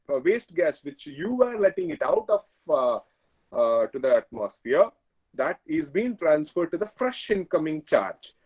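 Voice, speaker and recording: Animated Indian lecturer, husky voice. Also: male voice, a little high, rough recording. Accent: Indian, Kannada. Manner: explains step by step with checking questions. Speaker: engineering lecturer. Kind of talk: online class lecture.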